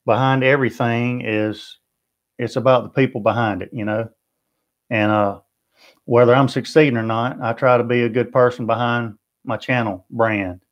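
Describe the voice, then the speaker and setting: On lo-fi audio, a mid-range male voice belongs to a barbecue livestream host from the American South. He keeps things friendly, responding to each viewer comment in turn.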